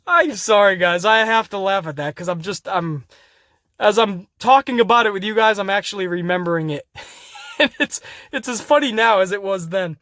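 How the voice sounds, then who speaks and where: A man with a fairly high voice hosts a wrestling recap podcast. He talks in an animated, casual way, curses freely and laughs at his own jokes. The sound is dry and close to the mic. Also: normal speed, no echo. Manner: animated, laughing, profane, addresses listeners as guys. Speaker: podcast host.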